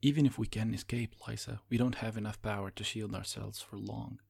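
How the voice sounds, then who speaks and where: A man's voice: lowish voice, little pitch movement, a little fast, creaky, darkish tone, breathy edge, exaggerated voice. A man voicing a desperate, once-mighty male sorcerer, speaking urgently and pleadingly. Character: desperate fallen male sorcerer, proud but broken.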